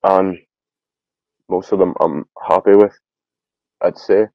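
A man speaking as a guest in a casual podcast chat, measured and thoughtful. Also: low voice, steady tone, no echo. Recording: dull lo-fi dry mic.

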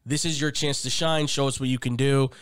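A man co-hosting a sports podcast, chatty and animated, sharing trivia and laughing often. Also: medium pitch, brisk, smooth. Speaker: podcast co-host. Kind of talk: casual sports talk.

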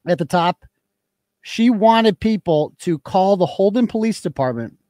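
A man's voice: high voice, a little mellow, no room sound, clean studio sound. Combative profane man hosting a stream. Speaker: host. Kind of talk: live-stream commentary.

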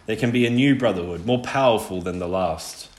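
A man's voice: lowish voice, fairly quick, close to an everyday voice. A man playing a cold, mocking killer. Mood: menacing. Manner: smooth, mocking, threatening. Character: cold, menacing adult male killer. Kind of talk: audiobook reading. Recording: roomy echo.

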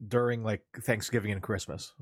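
A man's voice: lowish voice, steady tone, a little fast, no echo, studio quality. A man co-hosting a casual podcast chat in a laid-back way, often repeating words as he thinks. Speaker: podcast co-host.

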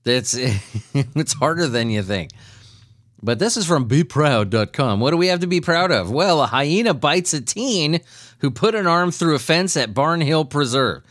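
A man's voice: on the high side, measured pace, no room sound, studio quality. A man hosting a comedy news podcast, reading odd stories and ranting with lots of swearing and laughter. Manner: profane, laughing, animated ranting. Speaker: podcast host. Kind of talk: casual comedic news commentary.

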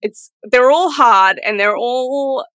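A woman's voice: a little high, slow, clear, resonant tone, dry recording. A woman, chatting casually and thoughtfully as a podcast guest. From England. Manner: animated, thoughtful, trained actor. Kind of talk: casual chat.

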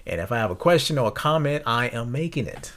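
A young man hosting a podcast, talking earnestly and reflectively, often halting and restarting his sentences. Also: mid-range voice, big pitch swings, fairly bright tone. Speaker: podcast host. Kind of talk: reflective personal talk.

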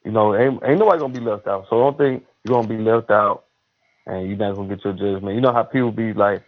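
A man in casual religious chat, preachy and emphatic, with drawn-out exhortations. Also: lowish voice. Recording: tinny phone-line sound.

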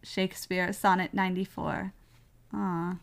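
A woman's voice: lowish voice, little pitch movement, unhurried, vocal fry. A young woman co-hosting a podcast, chatting casually, giggly and enthusiastic. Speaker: podcast co-host. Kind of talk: casual chat.

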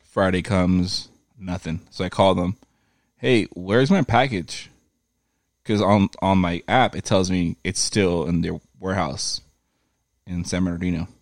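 A man with a low voice tells a rambling story in a loose, profane way and slips into voices for the people in it. The sound is dry and close. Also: moderate pace, no echo. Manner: profane, animated retelling with quoted voices. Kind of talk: casual storytelling chat.

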